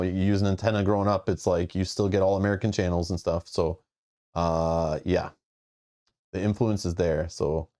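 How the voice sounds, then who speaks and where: A man's voice: sits low, a little mellow. A man from Southern Ontario hosts a casual board game stream. He rambles and jokes, reading viewer comments aloud in an easygoing, conversational way. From Southern Ontario, Canada. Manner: joking, rambling, reads chat comments aloud. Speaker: board game channel host.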